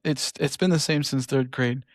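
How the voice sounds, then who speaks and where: A man's voice: mid-range voice, steady tone, moderate pace, dry recording, clean studio sound. A man co-hosting a podcast in casual chat, joking and rambling and self-deprecating. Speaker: podcast co-host.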